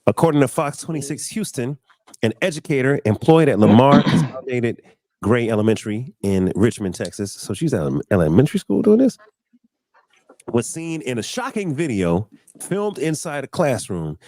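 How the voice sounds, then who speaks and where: A man hosting a casual livestream chat, informal and animated. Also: mid-range voice, moderate pace, dry recording. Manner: animated, laughing easily, informal. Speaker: livestream host.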